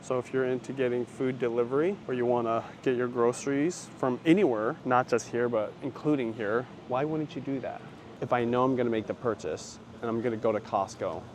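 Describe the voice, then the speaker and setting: A man's voice: mid-range voice, noisy background. Laid-back slangy man vlogging. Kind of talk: casual vlog talk to camera.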